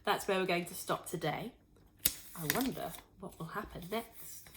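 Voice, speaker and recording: A woman teacher reading a storybook aloud to children, expressive and pointing out the pictures as she goes. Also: on the low side, moderate pace, noisy background. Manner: expressive, shows pictures to listeners.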